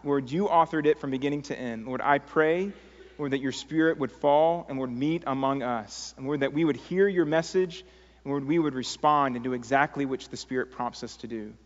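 A man preaching a sermon as pastor, earnest and pleading, telling stories with many fillers. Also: a little high. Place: church sanctuary. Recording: dull sound in a long-reverb sanctuary.

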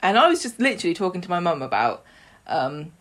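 A woman's voice: fairly low pitch, very animated, fast, fairly bright tone. A woman co-hosting a podcast, animatedly retelling soap scenes and mimicking the characters, laughing often. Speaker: podcast co-host. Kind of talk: casual chat recapping a soap.

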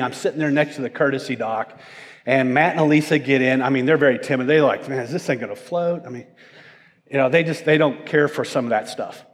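Storytelling pastor in a reverberant hall. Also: male voice, medium pitch. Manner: storytelling, self-mocking, animated. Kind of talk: sermon with a personal story.

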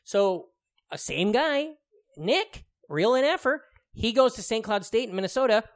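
His voice is very high-pitched and very animated, though his pace stays normal. He's a podcast co-host in his thirties, chatting in a rambling, profane manner with many fillers and frequent laughter.

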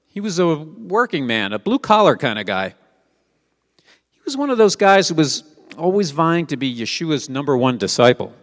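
A man's voice: a little high, big pitch swings, normal speed, big-room sound. A man preaching a sermon, reading scripture aloud and asking his listeners rhetorical questions in a conversational way. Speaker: Messianic teacher.

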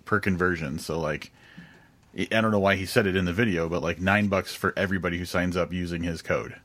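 A man with a very deep voice chats loosely and jokingly. He swears casually and keeps the talk light and relaxed. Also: brisk. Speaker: podcast co-host. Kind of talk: casual chat.

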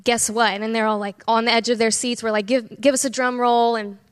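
Woman, bright and resonant. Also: a little high, level tone, fairly quick, clean tone. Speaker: kids ministry director. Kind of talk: church stage sharing. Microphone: stage microphone. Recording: long hall reverb.

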